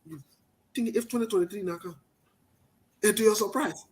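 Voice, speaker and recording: A man with a Liberian accent giving emphatic political commentary, talking loudly and repeating his points. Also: high-pitched, normal speed. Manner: forceful, emphatic, repetitive, passionate.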